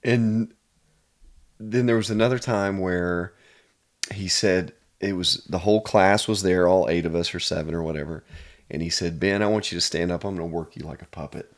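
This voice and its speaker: A man's voice: sits low, steady tone, moderate pace. A man from Pennsylvania, a chiropractor guest, telling personal stories in an earnest, casual way. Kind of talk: casual storytelling.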